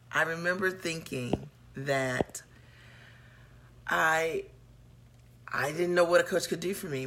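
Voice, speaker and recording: A woman business coach talks to her audience in a motivational live stream. Her voice is bright and forward, and her delivery is earnest and personal. She welcomes viewers by name as they arrive. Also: sits low.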